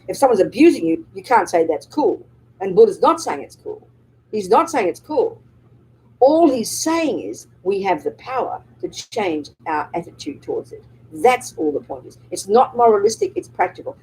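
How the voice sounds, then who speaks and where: A woman's voice: medium pitch, darkish tone, slight background noise, rough recording. A woman Buddhist nun giving a live dharma talk, speaking emphatically and often checking with the audience through rhetorical and tag questions.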